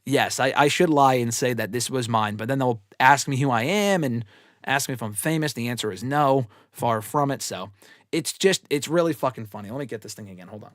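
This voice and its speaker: A man's voice: mid-range voice, a little fast, no room sound, studio quality. A man hosting a wrestling show, telling rambling, profane, self-deprecating stories in casual livestream chat. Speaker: wrestling show host answering fan questions.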